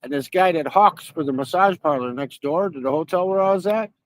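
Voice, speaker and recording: A man's voice: fairly high pitch, brisk. A man hosting a stream, telling rambling, profane stories in casual chat. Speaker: stream host.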